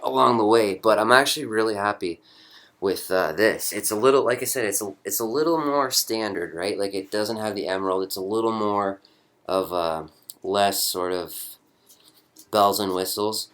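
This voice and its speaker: A man's voice: lowish voice, normal speed, a bit bright. A young man giving a rambling, chatty show-and-tell walkthrough of something he built, often correcting himself mid-sentence. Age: young adult. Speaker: hobbyist prop builder.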